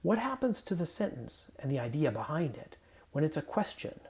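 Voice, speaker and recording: Mellow-voiced man giving a playful sermon. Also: fairly high pitch, big pitch swings, normal speed. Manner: conversational and playful, with self-corrections. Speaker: pastor. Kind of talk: casual sermon with scripture reading. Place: home guest room.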